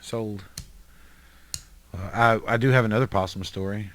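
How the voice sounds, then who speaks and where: A man from upstate New York, hosting a podcast and telling animated, profane stories in casual chat. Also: lowish voice, moderate pace. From Highland, New York. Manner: animated storyteller, swears freely. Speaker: podcast host.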